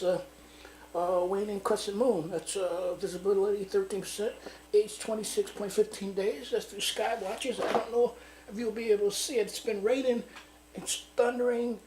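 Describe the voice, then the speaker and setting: A man's voice: high voice, echoey room, a little hiss or hum, low-quality recording. A man hosting a local TV show, rambling, with many fillers. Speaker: host.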